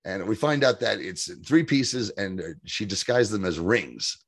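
A man's voice: on the low side, animated, moderate pace, no room sound, studio quality. A man co-hosting a TV recap podcast in a chatty, laughing manner. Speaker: podcast co-host. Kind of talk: casual TV recap chat.

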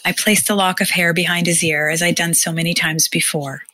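A woman narrating a first-person story in a tender, measured, hushed way. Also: on the low side, fairly even intonation, dry recording, rough recording.

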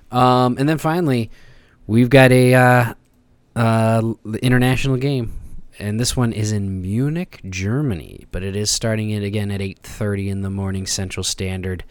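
A man's voice: lowish voice, clear, resonant tone, no echo. A man hosting a sports podcast in easygoing casual chat, laughing often. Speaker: podcast host.

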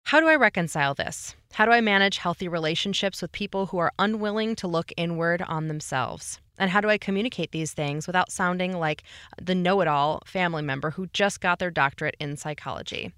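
A woman reads a listener's letter aloud. Her voice is smooth and slightly low. The sound is dry, with no room echo. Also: a little fast, a bit bright.

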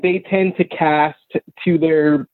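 A man appearing as a podcast guest in a casual chat, easygoing and quick to laugh. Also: fairly high pitch, steady tone. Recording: tinny phone-like line.

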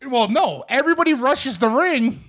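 A man's voice: very high voice, lively intonation, moderate pace, a bit bright. A man co-hosting a casual podcast, telling a long rambling story full of "like" and acted-out quotes. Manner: rambling, many "like" fillers, acts out quotes. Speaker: podcast co-host.

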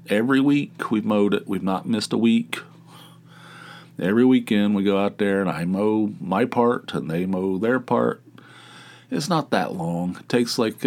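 Casting note: middle-aged man, fairly low voice, rambling solo podcast host with a dry grumble. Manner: rambling, self-interrupting, wry grumbling. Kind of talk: casual solo monologue.

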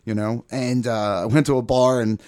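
A man's voice: medium pitch, fairly even intonation, moderate pace, a little mellow, smooth. A man in his forties telling rambling, profane stories in a casual podcast chat. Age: 40s.

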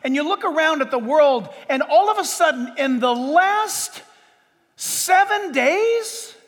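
A man preaching a sermon as pastor, with dramatic pauses and sudden loud bursts. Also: extremely high pitch, lively intonation, in a large hall.

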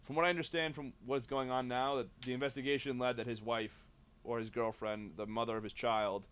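A young man talking sports at a rapid clip, mid-pitched and quick to argue. He corrects himself as he goes and pushes his points in casual chat. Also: fairly even intonation, a bit bright, clear, resonant tone. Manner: fast, argumentative, self-correcting. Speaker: podcast co-host.

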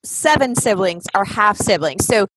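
A woman's voice: medium pitch, animated, moderate pace, a bit bright, a little hiss or hum. A woman from Washington State hosting a podcast, talking in a chatty, enthusiastic way. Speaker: podcast host. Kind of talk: casual podcast talk.

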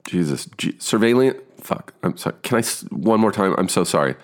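A man in his fifties with a very low, deep voice tells a casual story. He is animated, swears freely and acts out his own stumbling lines in a lifted voice. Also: brisk. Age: 50s. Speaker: actor telling a story.

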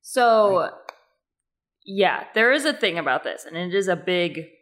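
A woman argues her point on a casual podcast with firm emphasis. Her voice sits on the lower side for a woman. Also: animated, measured pace, a bit bright. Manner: emphatic, opinionated. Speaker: podcast co-host. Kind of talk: casual chat.

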